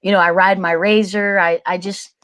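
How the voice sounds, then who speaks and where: A woman's voice: medium pitch, little pitch movement, moderate pace, a bit bright. A woman guest on a podcast, talking in a laid-back, plain-spoken, folksy way. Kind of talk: casual chat.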